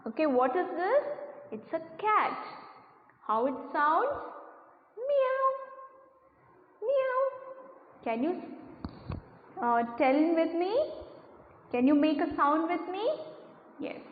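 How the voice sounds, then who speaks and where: A woman's voice: high-pitched, lively intonation, slow, long pauses, a little hiss or hum. A woman teacher with an Indian English accent giving a lesson to young children in a sing-song, coaxing way, imitating animal sounds. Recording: phone-quality audio in an echoey room.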